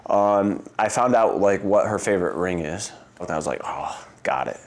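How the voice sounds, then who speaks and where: A man in his thirties with a fairly low voice tells stories about his family in a loose, chatty way. He leans on "like" and "um" as he talks. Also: moderate pace. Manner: chatty, full of "like" and "um" fillers. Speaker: interviewee. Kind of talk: casual storytelling interview.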